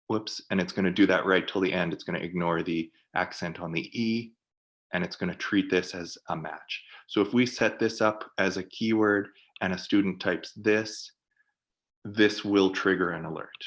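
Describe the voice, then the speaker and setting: A man on a video call, presenting for a product team and walking through software in a webinar while thinking aloud. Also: low-pitched, steady tone, moderate pace.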